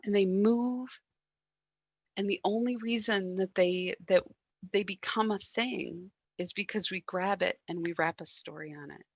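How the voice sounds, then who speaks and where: A woman gives a sermon in a reflective, gentle way, with soft pauses and quiet moments. Her voice sits lowish and has a gravelly fry. The sound is dry and close. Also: no echo, dull audio. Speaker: guest speaker at a church service.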